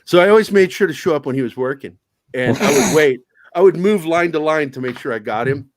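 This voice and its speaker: A man's voice: on the high side, expressive, fast talker, no echo. A man guesting on a podcast, telling stories in a casual, profane, self-mocking way. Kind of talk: casual storytelling chat.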